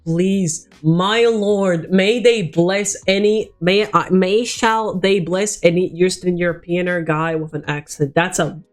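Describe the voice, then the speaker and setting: A man's voice: high voice, fairly even intonation, slow pace, few pauses. A teenage boy telling a personal story as a vlogger, rambling and swearing, with many restarts. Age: teens.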